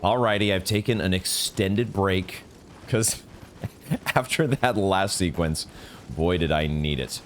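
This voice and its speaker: A gaming streamer with a deep voice gives live commentary on the video game he's playing, speaking slowly. He sounds exasperated, swearing and restarting sentences while game music plays behind him. There's slight background noise.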